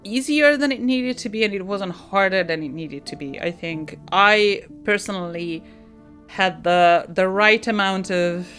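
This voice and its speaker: A woman's voice: medium pitch, unhurried, a bit bright, soft background music. A woman game streamer casually reviewing a game she just finished, thinking aloud with many fillers and restarts.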